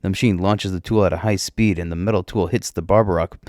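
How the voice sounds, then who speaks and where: Guy narrating his own story, deep voice, dry close sound. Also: fairly even intonation, quick pace, a little mellow, no room sound. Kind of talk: first-person story narration.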